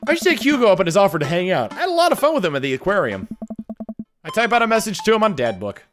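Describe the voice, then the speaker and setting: A very animated man with a high voice rattles along very fast as he streams a dating game. He reads the on-screen text aloud with playful, jokey remarks, and game music plays in the background.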